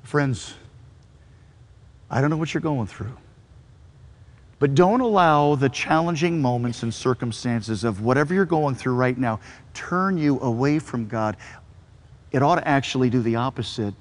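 A man preaching a sermon as a pastor, dropping to soft low murmurs and rising to high cries, often stammering and repeating words. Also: unhurried, pauses often, big-room sound.

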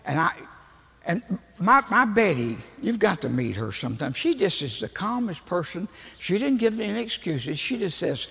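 Older male preacher, joking folksy storyteller, bright husky tone, long church reverb. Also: high-pitched, sing-song, moderate pace. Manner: folksy, humorous, self-deprecating storyteller. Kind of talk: storytelling sermon.

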